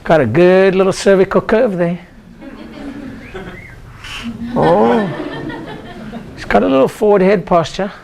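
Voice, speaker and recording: A man's voice: sits high, measured pace, vocal fry, pauses often, background noise. An older man, a chiropractor, giving an exclamatory motivational seminar talk and leading the audience in call-and-response chants. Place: lecture room with a live audience.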